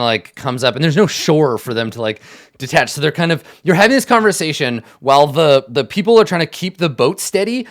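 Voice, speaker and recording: Male game master, casual narration with a lively, varied pitch. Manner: casual, lots of fillers and restarts.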